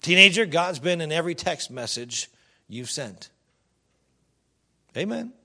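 A man preaching a sermon, emphatic and animated, addressing the congregation directly. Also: fairly high pitch, measured pace.

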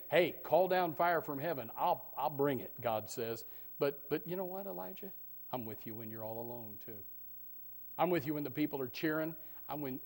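A middle-aged male pastor preaching a sermon, animated, swinging from loud bursts to hushed tones. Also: medium pitch. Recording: long hall reverb.

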